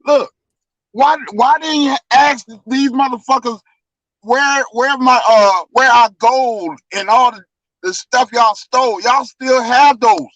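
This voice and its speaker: A man's voice: very high-pitched, takes it slowly, a bit bright, no room sound, low-quality recording. A man co-hosting a casual talk show, telling a long rambling story full of restarts. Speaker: podcast co-host. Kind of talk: casual conversation.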